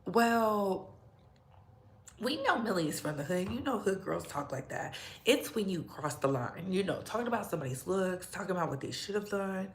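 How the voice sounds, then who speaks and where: A woman's voice: low voice, vocal fry. A young adult woman hosting a casual gossip livestream, chatty and sassy, greeting her viewers by name and laughing often. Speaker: livestream host.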